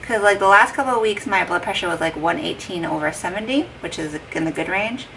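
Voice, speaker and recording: A woman's voice: mid-range voice, lively intonation, a little fast, gravelly, fairly bright tone. A heavily pregnant young woman chatting casually to her vlog camera at home, retelling a conversation with lots of "like" and quoted dialogue. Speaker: vlogger. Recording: distant mic with faint background noise.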